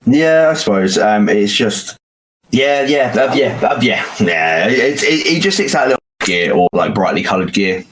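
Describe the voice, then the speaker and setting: A British man co-hosting a wrestling podcast in casual chat, animated and rambling with fillers. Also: on the low side, normal speed, a little hiss or hum, poor audio. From United Kingdom. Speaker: podcast co-host.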